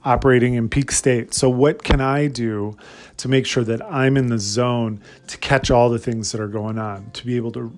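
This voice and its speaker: A man's voice: medium pitch, fairly even intonation, moderate pace. A man hosting a solo motivational podcast, talking energetically and asking his listeners lots of rhetorical questions. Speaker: podcast host.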